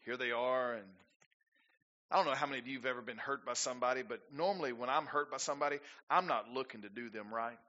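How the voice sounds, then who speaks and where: A man's voice: mid-range voice, fast, pushed and bright, lo-fi sound. A male pastor preaching a sermon, rising to emphatic peaks and asking the congregation rhetorical questions.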